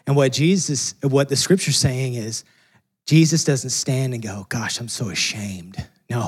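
A man preaching a sermon in a conversational, earnest way, swinging from loud emphasis to soft, hushed lines. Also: medium pitch, measured pace, breathy edge. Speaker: pastor.

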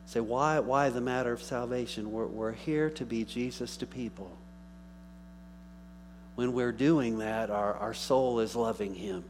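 A male pastor preaching a sermon, rising into emphatic bursts and dropping to quiet asides. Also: mid-range voice, normal speed. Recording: faint mains hum.

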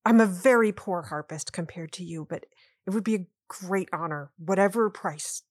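A woman's voice: lowish voice, moderate pace, husky, no room sound, clean studio sound. A woman player in a tabletop game, earnest and playful as she speaks for her character. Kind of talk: casual tabletop play.

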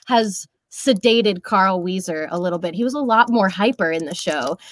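In a relaxed interview, a young woman who does voice acting and creates social media content talks at a medium pitch and normal speed. Her manner is bubbly and meandering, full of filler words.

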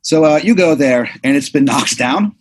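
A man's voice: fairly high pitch, expressive, normal speed, slight background noise. A man hosting a comedy podcast, improvising a rambling story full of fillers and restarts. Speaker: podcast host.

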